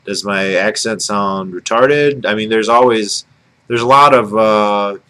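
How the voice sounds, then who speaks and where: A man with a Michigan accent talks to his camera in a loose, wandering way, stopping to correct himself and filling gaps with "uh". His voice sits a little low. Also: unhurried, sharp tone, smooth, poor audio. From Michigan, United States. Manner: rambling, musing, many fillers and self-corrections. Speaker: video blogger. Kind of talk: casual talk to camera.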